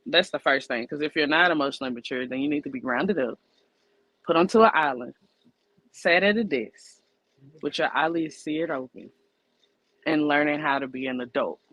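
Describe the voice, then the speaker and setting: Blunt bright-voiced woman podcaster. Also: low voice, normal speed, pauses often, dry recording, dull audio. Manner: blunt, emphatic, breaks points into numbered lists. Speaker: podcast co-host. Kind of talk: casual opinionated chat.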